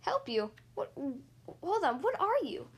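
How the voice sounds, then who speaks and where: A woman reading aloud, voicing an excitable young girl who squeals with delight. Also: very high-pitched, measured pace, voice pushed up, exaggerated voice. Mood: excited.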